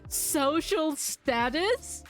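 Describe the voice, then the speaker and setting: A young adult woman with a slightly high voice talks casually to her stream chat. She rambles from thought to thought, animated and quick to laugh. Faint game music sits quietly in the background. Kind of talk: casual chat while gaming, reading chat aloud.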